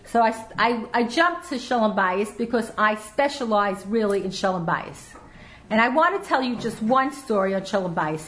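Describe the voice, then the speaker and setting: A woman's voice: mid-range voice, fairly bright tone, a little hiss or hum, poor audio. A middle-aged woman gives an earnest, emphatic parenting lecture and repeats her key points.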